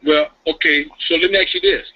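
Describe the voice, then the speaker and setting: A man's voice: very high-pitched, wildly swooping pitch, fairly quick, gravelly. A man hosting a radio chat, asking eager, plain-spoken questions. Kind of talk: casual chat. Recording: muffled radio audio.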